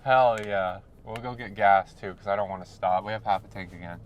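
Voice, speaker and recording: A man rambling casually through a road-trip vlog while he drives, getting easily excited. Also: fairly low pitch, brisk, hardly any pauses, muffled recording. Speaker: vlogger. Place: inside a moving car. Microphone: dash-mounted action camera. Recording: loud road and engine noise.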